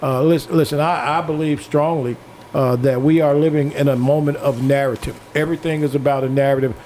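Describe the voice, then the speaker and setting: Male co-host, slightly high voice, blunt and profane, a drink in, halting delivery. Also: fairly even intonation, a little mellow, slight background noise. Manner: blunt and profane, with frequent "uh" hesitations. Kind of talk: opinionated political talk.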